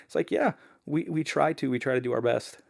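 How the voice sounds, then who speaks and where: Brief: gravelly male podcast guest, casual and animated, mid-range pitch, acts out quotes in his story. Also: brisk. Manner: fillers like "man" and "like".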